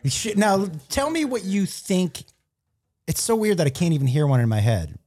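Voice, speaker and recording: Husky-voiced man joking on a podcast. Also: high voice, big pitch swings, normal speed, a little mellow. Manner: joking, laughs often. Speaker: guest comedian. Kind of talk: casual podcast chat.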